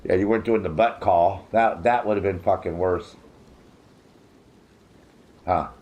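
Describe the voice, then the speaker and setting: Here a man with a low, unhurried voice chats loosely with viewers during a game stream, and the audio sounds dull. There's plenty of swearing, joking, and frequent laughter.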